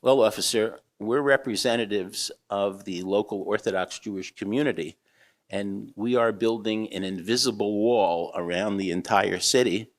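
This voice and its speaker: A man's voice: on the low side, close to an everyday voice. A man playing a polite, formal male engineer who speaks very courteously, within a humorous anecdote.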